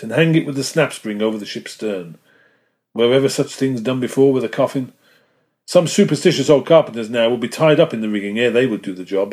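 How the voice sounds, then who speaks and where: A man's voice: medium pitch, darkish tone, natural voice. A man reading the part of a proud, fussy old ship's carpenter who mutters a tetchy, rambling complaint to himself.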